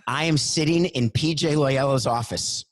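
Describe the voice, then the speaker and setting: A middle-aged man on a sports talk show, telling an animated anecdote and acting out the phone calls in it. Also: mid-range voice, normal speed, no echo. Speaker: guest storyteller.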